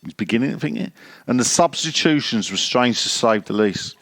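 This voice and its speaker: A man's voice: mid-range voice, animated, moderate pace, vocal fry, fairly bright tone, no room sound. Blunt, sweary man reading questions. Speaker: podcast co-host reading listener questions. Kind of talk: casual football podcast banter.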